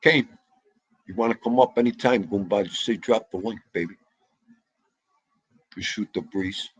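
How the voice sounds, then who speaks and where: Excitable husky New man livestreaming. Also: on the low side, normal speed, no echo. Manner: loud, excitable, talks to chat. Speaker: livestream host. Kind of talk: casual livestream chat.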